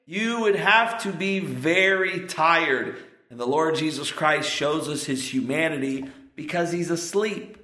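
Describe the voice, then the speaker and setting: A man delivers a sermon at an unhurried, deliberate pace, his voice sitting slightly high for a man. He builds earnestly toward emphatic peaks on key points. The room around him rings with a roomy echo. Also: bright, forceful tone. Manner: slow, earnest preaching with rising emphatic peaks. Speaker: preacher.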